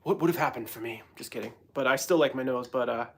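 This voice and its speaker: A man from New York rambles through a casual livestream chat. His voice is gravelly and creaky, and his pitch sits in a middle range. He talks in a hyper, self-mocking way, jumping from one thought to the next. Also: fast talker. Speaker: host.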